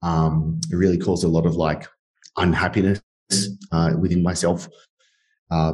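A man's voice: deep voice, darkish tone. An Australian man in his thirties, a podcast guest telling his story candidly, with many fillers. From Sydney, Australia. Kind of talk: storytelling interview.

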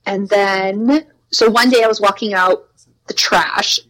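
A young woman casually telling spooky stories from her preschool job. She fills her talk with "like" and acts out quotes in a higher voice. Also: fairly even intonation, measured pace, fairly bright tone, rough recording. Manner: chatty, lots of "like", acts out quotes with a raised voice. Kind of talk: casual storytelling.

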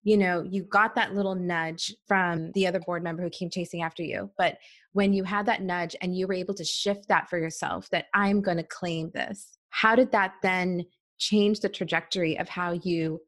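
A woman's voice: on the low side, steady tone, normal speed, fairly bright tone. A woman hosting a podcast interview who backs up her guest often and asks reflective questions. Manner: supportive, backchannels often. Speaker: podcast host. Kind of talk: conversational interview.

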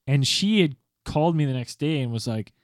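A man's voice: mid-range voice, animated, fairly quick, dry recording, clean studio sound. A man in his thirties in casual chat, telling rambling, profane stories about nights out.

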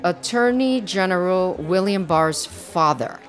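A woman's voice: lowish voice, expressive, unhurried, faint music behind. A woman with a foreign accent hosting a podcast, talking casually and laying out her points with emphasis. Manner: emphatic, tells the story point by point. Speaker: podcast host. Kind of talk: casual chat.

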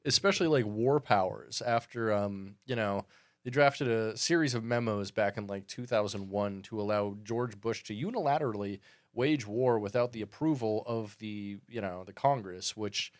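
A man's voice: lowish voice, moderate pace, dry recording, studio quality. A man co-hosting a podcast, sardonic and rambling in casual chat. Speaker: podcast co-host.

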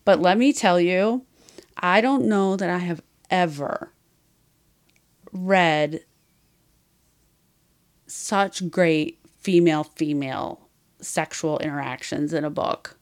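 Slow, smooth-voiced woman podcast host. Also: fairly low pitch. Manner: frank, rambling retelling with many fillers. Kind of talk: casual chat.

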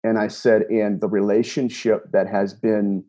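Earnest low husky man telling a story. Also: level tone, a little slow, dark tone. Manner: earnest, recounts dialogue with many "I said" tags and stammered repeats. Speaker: self-described empath telling a personal story. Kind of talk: casual spoken storytelling.

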